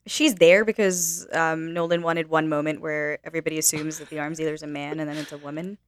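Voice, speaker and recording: A woman's voice: deep voice, steady tone, fairly quick, smooth. A woman co-hosting a podcast, chiming in with short, dry remarks in a casual film chat. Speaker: podcast co-host. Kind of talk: casual movie review chat.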